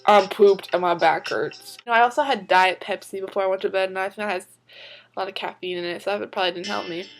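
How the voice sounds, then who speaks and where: A woman vlogging in a casual chat. She tells stories in a chatty, excitable way and sounds tired. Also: medium pitch, quick pace, creaky, soft background music, poor audio.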